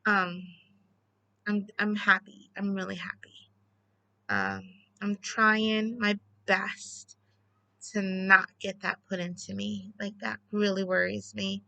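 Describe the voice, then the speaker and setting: A woman's voice: mid-range voice, slow, gravelly, pushed and bright, no echo. A woman chatting casually to the camera at home, rambling with lots of fillers and restarts. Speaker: crafter vlogging.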